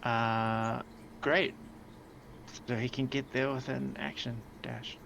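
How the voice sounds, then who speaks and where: A man's voice: medium pitch, level tone, slow pace, gravelly, noisy background. A man talking as a player in a tabletop game, thinking aloud as he works out the movement. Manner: thinks aloud while counting. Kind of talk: casual tabletop game chat.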